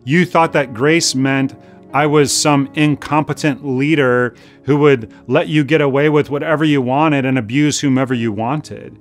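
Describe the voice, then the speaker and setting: A man's voice: mid-range voice, fairly even intonation, unhurried, soft background music, natural voice. A man acting out a stern male company chief who passes grave, accusing judgment, told as sermon storytelling.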